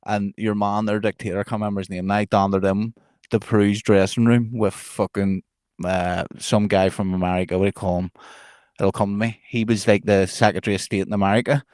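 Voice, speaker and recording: A man's voice: on the low side, flat delivery, brisk, darkish tone, no echo, studio quality. A man, co-hosting a podcast, telling stories in sweary casual banter while hungover. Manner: sweary storytelling, frequent laughs. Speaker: podcast co-host.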